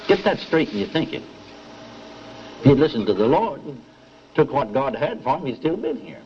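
Older preacher telling a healing story. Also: male voice, medium pitch, normal speed, highs cut off, a little hiss or hum. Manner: animated storytelling, repeats dialogue, asks audience for amens. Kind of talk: sermon with story.

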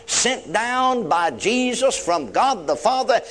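An older man delivers a sermon in a high-pitched voice. He repeats his key phrases and leans hard on single words, slowing to draw them out. Folksy turns of phrase and frequent cries of praise run through his preaching. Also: animated, a bit bright, a little hiss or hum. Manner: repetitive emphatic preaching with frequent praise interjections.

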